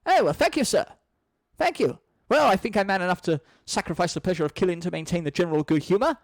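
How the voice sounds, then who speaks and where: A man's voice: high-pitched, animated, quick pace, dry recording. A man reading a screenplay aloud, voicing a pompous, proud old male lexicographer who speaks grandly and indignantly. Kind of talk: screenplay read-through.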